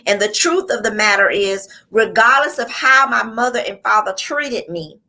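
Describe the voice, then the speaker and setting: A woman hosts a live online show in a fervent, preaching-style motivational delivery. Her voice sits high and sounds bright and forceful. She drives her points home with repeated phrases and calls out to her listeners. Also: normal speed. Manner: fervent, repetitive, with call-outs to the audience. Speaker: host and coach.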